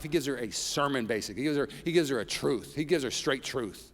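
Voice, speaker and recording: In a church sanctuary, a pastor preaches a sermon, reading scripture and telling personal stories with humor and building intensity. He talks fast at a medium pitch. The recording carries the long reverb of a large hall.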